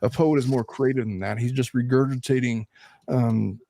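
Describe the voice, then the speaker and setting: Animated man hosting a podcast. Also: mid-range voice, normal speed, vocal fry, no echo, studio quality. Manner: animated, swears freely, laughs between points. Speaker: host. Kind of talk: casual podcast discussion.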